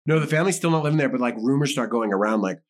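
A young man in casual podcast chat, talking loosely and swearing freely as he walks through a true crime story. His voice sits in an ordinary middle range, relaxed and slangy, quick to laugh. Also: medium pitch. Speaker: podcast co-host.

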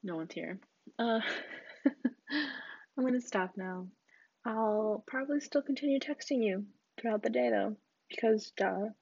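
A woman's voice: fairly high pitch, measured pace, gravelly, long pauses, darkish tone, husky, no echo. A young woman rambling in a casual solo chat, giggly and full of fillers, on a dull lo-fi recording. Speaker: podcast host.

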